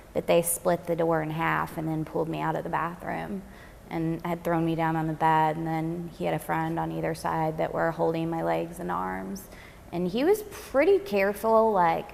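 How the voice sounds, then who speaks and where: Gravelly, low-voiced woman recounting her story. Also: slight background noise. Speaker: interviewee. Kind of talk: documentary interview testimony. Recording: long hall reverb.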